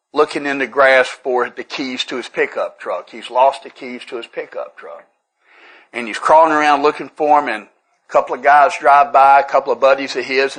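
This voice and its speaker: A man's voice: medium pitch, fairly bright tone, poor audio. A man with a Tennessee accent, telling earnest, humorous stories to a recovery workshop group. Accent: Southern US, Tennessee. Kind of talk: folksy storytelling talk to a live group.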